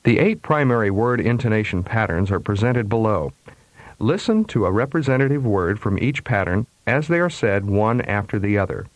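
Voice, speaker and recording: A man with a lowish voice reads a pronunciation lesson in a measured, precise way. The recording is dry and close, with no room sound. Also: sing-song, no room sound. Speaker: pronunciation instructor. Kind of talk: scripted instructional narration.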